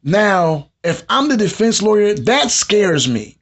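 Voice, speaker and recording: This podcast host, male with a fairly high voice, speaks live and directly to his audience, lecturing them in a preachy, conversational way. His delivery is slow and sing-song, with a fairly bright tone.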